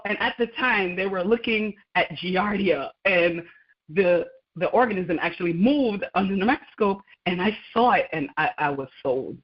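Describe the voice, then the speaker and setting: A woman's voice: lowish voice, expressive, moderate pace. A woman guest on a radio interview, telling her story with animation, laughing often and acting out dialogue. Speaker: guest, laboratory scientist. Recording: muffled lo-fi sound.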